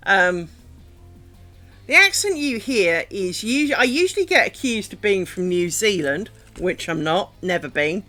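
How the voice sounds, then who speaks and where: A woman's voice: medium pitch, lively intonation, a little slow, sharp tone, faint music behind. A woman with a light London-ish English accent, chatting casually on a craft stream while she works. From England. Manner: chatty, rambling, muttering to herself while working. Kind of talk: casual live-stream chat while making lace.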